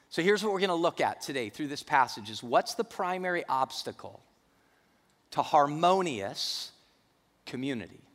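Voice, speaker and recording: A man's voice: medium pitch, a bit bright, in a large hall. A male pastor preaching a sermon in a church, emphatic and repeating key phrases.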